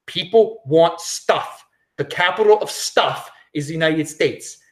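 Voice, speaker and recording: Male solo podcast host, opinionated and rambling, lively swooping pitch. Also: unhurried. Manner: opinionated, rambling, frequent restarts.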